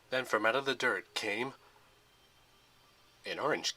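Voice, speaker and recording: A man's voice: mid-range voice, unhurried, pauses often, sharp tone, no room sound. A man narrating a Lego fan film in a plain storytelling manner.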